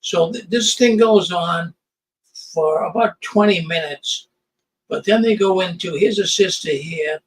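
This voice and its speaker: Older guy w a high voice, hosting, sarcastic, stammers on restarts, pretty fired up. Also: a little slow, slight background noise, poor audio. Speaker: commentary show host. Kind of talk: live commentary over video clips.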